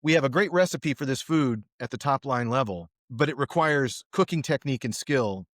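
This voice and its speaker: A man's voice: medium pitch, moderate pace, no echo, studio quality. A man co-hosting a podcast, chatting casually and acting out everyday examples as he tells stories. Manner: animated storyteller who acts out examples. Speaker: podcast co-host. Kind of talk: casual conversation.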